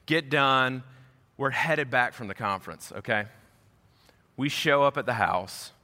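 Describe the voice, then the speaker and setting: A man preaching as a pastor, telling a personal story in an animated way and acting out the voices of the people in it. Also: mid-range voice, unhurried. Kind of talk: storytelling sermon. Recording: echoey hall.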